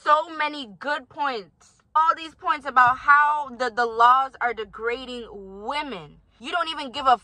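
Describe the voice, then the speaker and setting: A woman's voice: high voice, measured pace, few pauses, pushed and bright, dry recording, rough recording. A young woman vlogging, talking straight to her viewers in emphatic, indignant commentary. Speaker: vlogger reacting to her own recording. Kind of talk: heated commentary.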